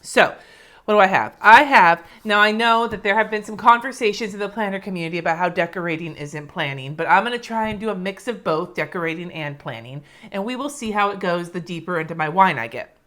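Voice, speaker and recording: A woman's voice: mid-range voice, lively intonation, fairly quick, fairly bright tone. A woman from California chatting casually on a live stream, answering viewers by name and swearing freely as she plans her week. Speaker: planner vlogger reading live comments. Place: home, indoors.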